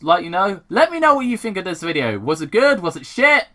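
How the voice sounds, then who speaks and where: A man reading fan fiction aloud on his channel and chatting between passages, rambling and excitable, swearing casually and stumbling over words. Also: high-pitched, brisk.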